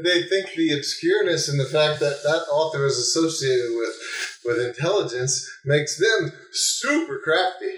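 A man's voice: fairly high pitch, expressive, moderate pace, fairly bright tone, roomy sound. A man from the American South co-hosting a podcast, making wry, dry asides in casual chat. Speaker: podcast co-host.

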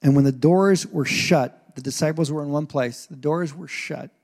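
Animated preaching man, fairly high voice. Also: normal speed. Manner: animated, preaching with rising intensity and asides. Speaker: pastor. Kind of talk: sermon. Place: church stage.

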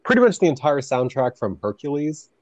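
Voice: medium pitch, sing-song, brisk, darkish tone, dry recording. A co-host in a casual chat who rambles, hunts for words and jokes around. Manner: rambling, loses words, jokey. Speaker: podcast co-host.

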